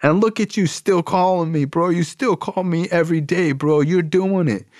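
A man's voice: high voice, slow, no room sound, clean studio sound, voice pushed up. A man putting on a blunt, profane sponsor voice. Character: blunt male recovery sponsor, harsh tough love.

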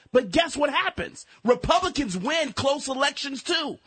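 A man arguing politics on talk radio, pushing his point through halting restarts, with a husky voice. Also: extremely high pitch, lively intonation, a bit bright.

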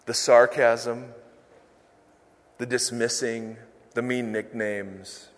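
Animated preacher man, lively pitch. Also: big-room sound. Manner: animated and emphatic, with self-mocking humor. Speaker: pastor. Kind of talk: sermon. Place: large church hall.

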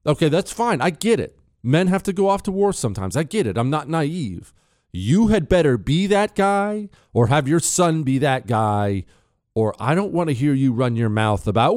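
A man's voice: medium pitch, big pitch swings, normal speed, a little mellow, no room sound, clean studio sound. A middle-aged man hosting talk radio, ranting in a heated, sarcastic monologue.

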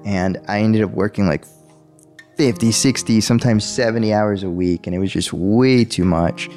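A man's voice: on the low side, normal speed, darkish tone, faint music behind. A young man telling a personal faith story in an interview, earnest and full of fillers and restarts.

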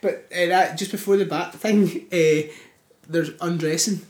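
A man, co-hosting a podcast, telling stories in an animated way with swearing and laughter. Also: on the high side, measured pace. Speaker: podcast co-host. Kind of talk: casual chat. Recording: echoey room.

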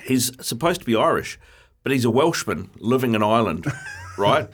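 A man hosting a sports radio show, running through the rundown at a brisk, chatty pace. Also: medium pitch, expressive, slight background noise. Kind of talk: casual sports radio chat.

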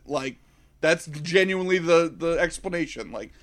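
Brief: young male podcast co-host, slightly high pitch, profane storyteller. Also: expressive, normal speed, a bit bright. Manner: profane, jokey, acts out characters. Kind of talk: casual movie review chat.

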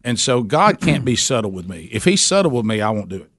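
A man's voice: mid-range voice, big pitch swings, fast talker, a bit bright, no room sound, studio quality. A middle-aged man, telling a story in a casual interview, self-deprecating and often repeating himself. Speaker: guest talking about his men's ministry.

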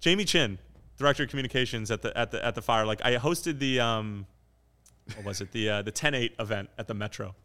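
A soccer play-by-play commentator from New Jersey, in his twenties, tells stories on a casual podcast, fast, joking and self-deprecating. His medium-pitched voice sounds pushed and bright.

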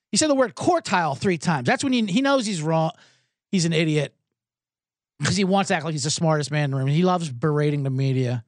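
A man's voice: fairly high pitch, lively intonation, brisk, no room sound, clean studio sound. A man hosting a sports betting podcast, ranting sarcastically with plenty of profanity. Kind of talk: comedic sports rant.

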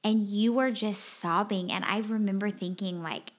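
A woman's voice: mid-range voice, steady tone, a little slow, few pauses. Earnest, emphatic woman co-host. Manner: earnest and emphatic, repeats key phrases. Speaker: podcast co-host. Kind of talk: casual heartfelt conversation.

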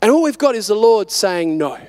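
A man in his thirties delivers a sermon, building his point through emphatic, repeated rhetorical questions. His speaking voice sits unusually high for a man. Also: big pitch swings, a little fast, a little mellow. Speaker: preacher.

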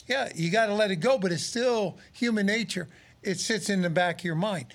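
A fairly quick, high-sitting voice belongs to a man in his sixties who once played pro football and now analyzes it on radio. Casually talking the game, he's an animated storyteller who performs the quotes.

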